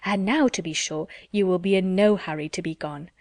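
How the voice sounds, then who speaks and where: A woman's voice: lowish voice, brisk, darkish tone, no room sound, clean studio sound, lightly acted. A woman reading a sly, gushing young woman. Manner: gushing with pointed hints.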